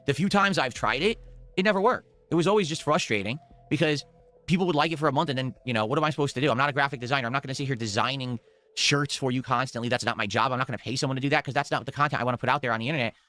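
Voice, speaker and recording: A man's voice: medium pitch, fairly bright tone. A man streamer ranting heatedly with a lot of swearing. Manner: fast, heated, swearing rant.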